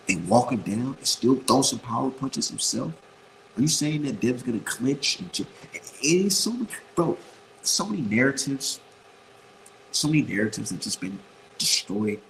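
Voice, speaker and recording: A man's voice: mid-range voice, fairly bright tone, slight background noise, rough recording. A man giving casual boxing opinions in a blunt, profane, rambling way, repeating his points for emphasis. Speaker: boxing commentator.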